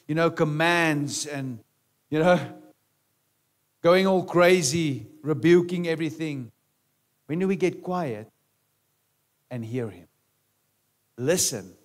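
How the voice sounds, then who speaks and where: A pastor with a slightly high voice preaches conversationally, tossing out rhetorical questions and often asking the congregation "right?" or "amen?". Now and then he drops into quiet asides.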